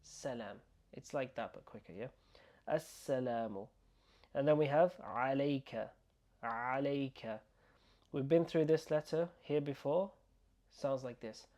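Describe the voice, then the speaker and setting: Patient man with a mellow voice teaching pronunciation. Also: medium pitch. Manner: patient, repeats words slowly for learners to copy; reassuring, checks in with "okay?". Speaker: Arabic teacher. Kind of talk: step-by-step pronunciation lesson.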